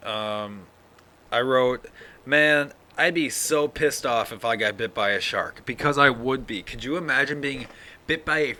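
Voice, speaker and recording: A sleepy man rambles through his own podcast in a loose solo monologue, swearing freely and yawning between thoughts. His voice is bright and forceful at an ordinary pitch. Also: a little slow. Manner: rambling, yawning, profane, full of fillers. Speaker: podcast host.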